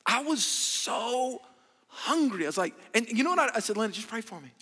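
A man preaching a sermon as pastor, animated and calling on the congregation to answer back. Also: very high voice, fairly quick, breathy edge. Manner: animated, call-and-response with congregation. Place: large church hall. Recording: echoey church hall.

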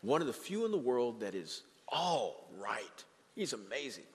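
A man preaching a sermon as pastor, animated and dramatically acting out the voices he quotes. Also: medium pitch, unhurried, long reverb tail. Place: church sanctuary.

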